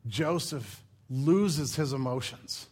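A man preaching a sermon, retelling a Bible story in a lively, casual way and acting out the characters' lines. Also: medium pitch, slow, husky.

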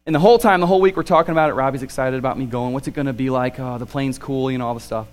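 A man in his thirties preaching a sermon, animated and swinging between excited and hushed. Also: mid-range voice, very fast. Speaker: pastor.

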